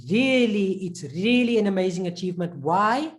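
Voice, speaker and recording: A woman's voice: mid-range voice, expressive, normal speed, few pauses. A woman teaching a live pronunciation class, encouraging her students and repeating syllables over and over to demonstrate. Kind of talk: live online class instruction.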